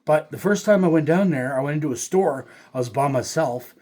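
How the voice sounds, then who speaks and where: A man's voice: on the high side, a little mellow. A man co-hosting a casual podcast, a bit tipsy, telling stories with many stumbles and restarts. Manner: halting, stumbles and restarts, anecdotal. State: tipsy from beer. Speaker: podcast co-host. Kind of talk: casual chat.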